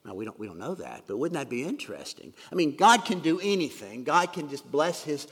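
A man preaching a sermon in an earnest way, with a gravelly, husky voice, dropping to soft whispers for emphasis. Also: on the high side, very animated, a little fast, big-room sound. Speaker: pastor.

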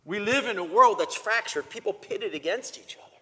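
Lively, high-pitched preaching man in a hall. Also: fairly quick. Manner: emphatic, animated preaching with repetitions. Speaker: pastor. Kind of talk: sermon.

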